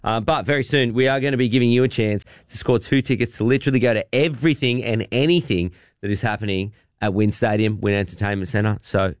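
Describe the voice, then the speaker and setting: A man's voice: lowish voice, fast, dry recording, studio quality. A man co-hosting a breakfast radio show, joking and teasing in casual banter. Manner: jokey, teasing, animated. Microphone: studio microphone.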